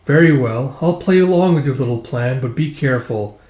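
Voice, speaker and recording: A man's voice: mid-range voice, expressive, brisk, a little mellow, close to an everyday voice. A man voicing a weary, dying woman who speaks in a subdued, melancholy way, close to his own voice. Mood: tender. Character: weary adult woman, dying, resigned and tender. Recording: roomy echo.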